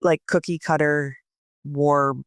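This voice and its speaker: A man's voice: a little high, flat delivery, slow pace, a bit bright, clear, resonant tone, no echo, clean studio sound. Wry man podcast co-host. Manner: wry, blunt opinions. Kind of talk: casual podcast discussion.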